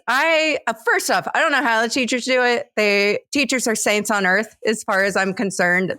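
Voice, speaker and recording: A woman co-hosting a podcast in casual chat, lively and chatty, often laughing. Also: mid-range voice. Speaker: podcast co-host.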